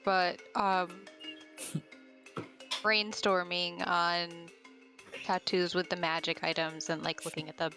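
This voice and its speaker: Bright-voiced woman player. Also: on the low side, creaky. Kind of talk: casual game chat.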